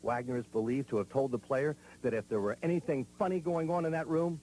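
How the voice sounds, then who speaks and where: A man narrating a television news report in a measured, grave, scripted delivery. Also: mid-range voice, background noise.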